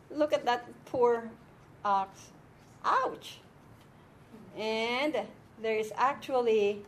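A woman's voice: on the high side, a little hiss or hum. A woman teaching an informal Bible and Hebrew lesson to a small group, explaining step by step and often checking that her listeners follow.

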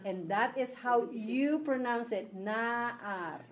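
A woman's voice: a little high, lively intonation, slow pace, a little mellow. A woman teaching a Hebrew reading class, patiently checking that her students follow along. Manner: patient, checks understanding with "okay?". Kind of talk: classroom lesson.

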